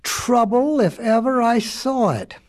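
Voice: medium pitch, slow, loud music behind the voice. A storyteller doing scared little frog sons. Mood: alarmed. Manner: excited, alarmed and breathless. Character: three frightened little frog sons, small and anxious.

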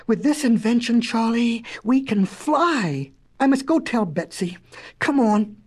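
A woman voicing an excitable, absent-minded male professor inventor in a storybook reading, stammering and exclaiming. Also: on the high side, measured pace, husky. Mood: excited.

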